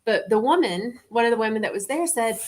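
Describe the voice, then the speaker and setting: Guest woman with a fairly high voice, animated and laughing often as she tells a story. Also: fast talker. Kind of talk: casual storytelling chat.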